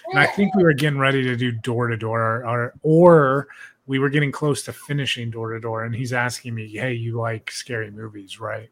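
A man's voice: mid-range voice, brisk, a little hiss or hum. Young male podcast host, casual and profane, loose rambling delivery. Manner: profane, laid-back, rambling with many "like"s.

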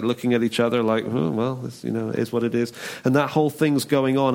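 Guy giving a sermon, talks it through casually, does little voices for the story people, lots of "isn't it?". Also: medium pitch. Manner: conversational, acts out voices of the story figures; frequent restarts and rhetorical questions. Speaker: preacher. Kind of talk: sermon retelling a scripture story.

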